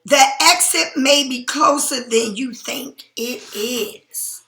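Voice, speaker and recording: Woman tarot reader, casual reading, high bright voice, blunt and profane, a bit sleepy, echoey room. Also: slow. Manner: blunt, emphatic, swears freely. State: sleepy, yawning.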